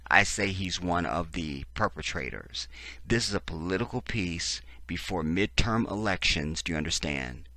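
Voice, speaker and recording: A man's voice: deep voice, animated, moderate pace, bright, forceful tone, dry recording, studio quality. A man hosting a profane, sarcastic political commentary, reading text aloud and breaking in with heated reactions. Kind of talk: ranting video commentary.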